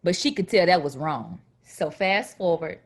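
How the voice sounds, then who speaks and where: A woman from Chicago, a guest telling a personal story in a lively way and acting out other people's voices. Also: fairly low pitch, normal speed, slightly rough. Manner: animated, acts out voices of others.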